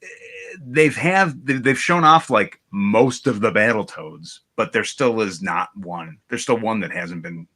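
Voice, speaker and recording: A man's voice: on the low side, a little slow, pushed and bright. A man co-hosting a casual chat, asking curious questions and chuckling.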